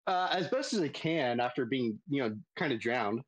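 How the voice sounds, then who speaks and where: A man voicing a battered goblin prisoner in a tabletop game, halting and full of fillers. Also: mid-range voice, lively intonation, lightly acted, poor audio. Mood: weary.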